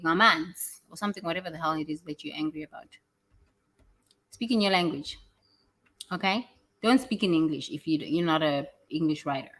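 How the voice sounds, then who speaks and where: A woman giving a blunt, emphatic motivational monologue, swearing freely and repeating phrases for effect. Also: medium pitch. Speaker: self-help vlogger.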